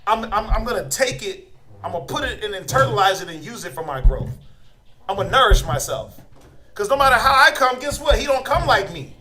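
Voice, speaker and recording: Blunt high-voiced man preaching. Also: rough recording. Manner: blunt, challenging, rhetorical questions. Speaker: religious teacher. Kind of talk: informal preaching to a group.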